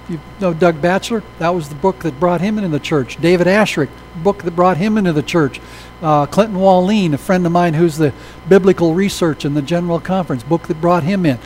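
A man preaching a sermon, telling stories with animated delivery and acting out the people in them. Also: high voice, a little hiss or hum, poor audio. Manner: animated, acts out quoted voices in stories. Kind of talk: sermon storytelling.

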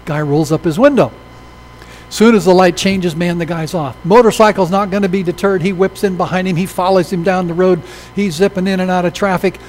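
A man preaching a sermon, telling stories with animated delivery and acting out the people in them. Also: high-pitched, brisk, a little hiss or hum, rough recording. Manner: animated, acts out quoted voices in stories. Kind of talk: sermon storytelling.

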